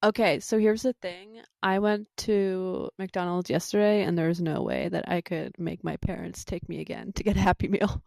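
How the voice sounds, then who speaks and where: A woman co-hosting a casual podcast, chatting in a relaxed way and asking curious questions. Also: fairly low pitch, normal speed, creaky, few pauses, dry recording, studio quality. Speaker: podcast co-host.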